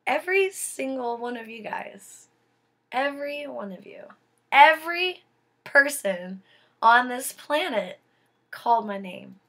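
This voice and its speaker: A young woman recounts a personal story to her viewers, slowly and deliberately. Her voice sits a little high and sounds bright and forceful. She tells it earnestly, leaning hard on key moments. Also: animated. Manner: earnest, emphatic retelling. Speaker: vlogger.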